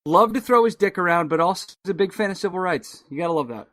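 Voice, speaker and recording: A man with a notably high voice trades crude, profane jokes in loose podcast banter. The sound is close and dry with no room around it. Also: expressive, fast talker, a bit bright, no room sound. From Massachusetts. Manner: crude, joking, swears freely. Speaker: podcast co-host. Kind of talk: casual comedic chat.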